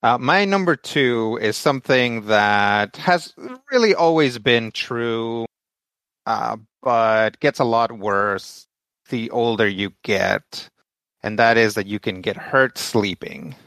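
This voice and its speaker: A man's voice: medium pitch, slow, fairly bright tone, no echo. A middle-aged man co-hosting a podcast in casual chat, telling things in an easygoing, reflective way. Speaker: podcast co-host.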